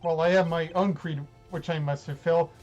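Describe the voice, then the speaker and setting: A man voicing a composed, formal male prosecutor, speaking in a measured, brooding way. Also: fairly high pitch, steady tone, darkish tone, highs cut off, faint music behind, close to an everyday voice. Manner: measured, formal inner monologue. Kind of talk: reading game dialogue aloud.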